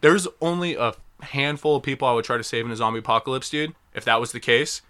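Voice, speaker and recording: A young man hosting a casual podcast among friends, talking loosely and swearing freely. His voice is bright and clear, at an ordinary pitch. He laughs often as he talks. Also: fast talker. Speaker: podcast host.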